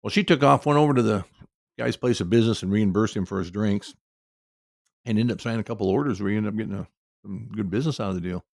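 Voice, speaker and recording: Middle-aged male storyteller, gravelly and dry-miked, folksy and rambling. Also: fairly low pitch, fast talker, a little mellow, no room sound. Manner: rambling, folksy, lots of asides. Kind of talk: casual personal anecdote.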